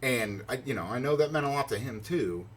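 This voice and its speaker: Husky-voiced man telling a rambling story. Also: brisk. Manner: rambling, with many fillers and restarts; excited, acts out his own reactions in higher pitch. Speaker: vlogger. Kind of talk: casual storytelling.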